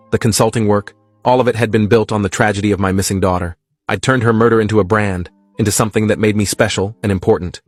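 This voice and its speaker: A man narrating a first-person horror story in a steady, scripted reading style. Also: lowish voice, no room sound.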